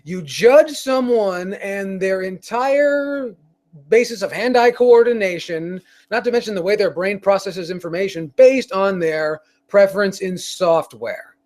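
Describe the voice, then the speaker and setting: Guy with a fairly high voice, rambling rant, lots of swearing and restarts. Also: measured pace, darkish tone. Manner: profane, rambling, with frequent restarts. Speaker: show host. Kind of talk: casual rant on a live stream.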